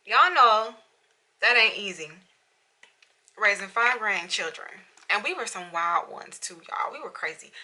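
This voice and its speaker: A young woman with a very bright, sharp voice talks openly to her camera at home in a casual confessional vlog. She is tearful and struggling to hold back crying, and her talk keeps circling back through "you know"s. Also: mid-range voice, rough recording. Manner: candid, emotional, many "you know"s. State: tearful, fighting back tears. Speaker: beauty vlogger. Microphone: camera in front of her.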